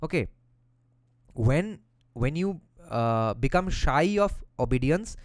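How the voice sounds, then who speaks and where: Smooth-voiced man explaining a text. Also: a little high, lively intonation, slow, no room sound. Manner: casual explanatory, with slang and profanity. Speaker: lecturer explaining a philosophy text. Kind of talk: reading passages aloud and explaining them.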